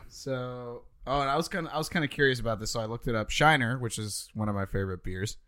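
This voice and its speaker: A man's voice: mid-range voice, quick pace, sharp tone. A young man from Texas chatting casually on a podcast, laid-back and swearing easily as he reads facts aloud. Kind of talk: casual chat.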